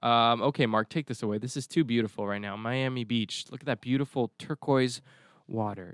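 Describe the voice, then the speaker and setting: Guy hosting a podcast, rambles and jokes around, smooth clear voice, dry close sound. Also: mid-range voice, brisk, dry recording. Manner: rambling, jokey, digressive. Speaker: podcast host. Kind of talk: casual chat.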